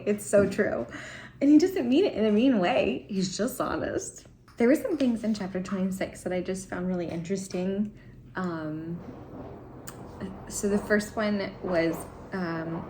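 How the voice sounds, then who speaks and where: A woman's voice: medium pitch, a little mellow. A woman talking casually about a book she is reading, rambling with ums and laughter, at home. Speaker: book vlogger. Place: home with cats and laundry running. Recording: echoey home room with faint noise.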